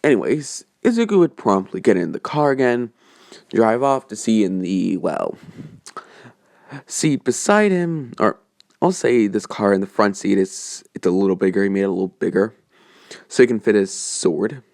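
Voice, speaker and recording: A man's voice: on the low side, animated, moderate pace, gravelly, a little mellow, no echo, clean studio sound. A man casually making up a fan story as he goes, rambling and hesitant, full of fillers and self-corrections.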